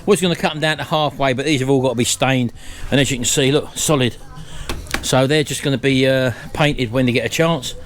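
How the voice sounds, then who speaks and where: A man's voice: mid-range voice, a little fast, slight background noise. A middle-aged man, chatting casually to his viewers at home and calling them folks. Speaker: vlog host. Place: at home, house and garden.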